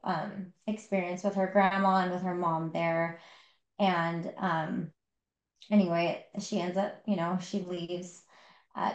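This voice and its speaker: Podcast co-host, woman, mid-pitch, talks through a book story with lots of fillers. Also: a little mellow, reverberant, rough recording. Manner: retelling a story with many fillers. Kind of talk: casual book discussion.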